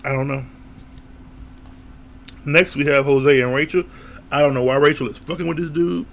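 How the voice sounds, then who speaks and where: A man giving a casual, opinionated recap of a reality show, blunt and quick to laugh or swear. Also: fairly high pitch, creaky, a little hiss or hum.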